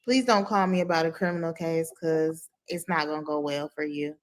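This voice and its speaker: A woman's voice: low-pitched, steady tone, moderate pace. A woman attorney co-hosting a podcast, chatting casually in a slangy, playful way and sometimes dropping to a whisper. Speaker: attorney co-host.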